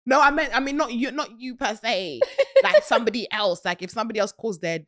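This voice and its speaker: A British woman hosting a casual podcast chat, animated and laughing often. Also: fairly high pitch, fast talker, no echo, clean studio sound. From Britain. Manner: giggly, animated, bursts of laughter. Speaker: podcast host.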